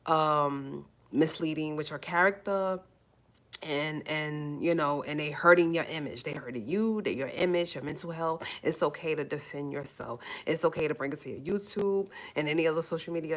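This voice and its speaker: A woman with a low voice talks straight to her livestream viewers in a casual, earnest way. She repeats phrases, pleads with her audience, and fights back tears. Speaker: YouTube livestream host.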